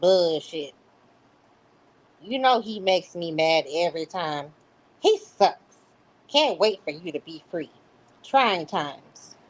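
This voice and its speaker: Lady putting on a swoony lovestruck mistress, pitched up and a bit louder, all drama, parody reading. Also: animated, slow pace, long pauses, rough recording. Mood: gushing. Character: lovesick adult woman, gushing mistress texting her jailed lover.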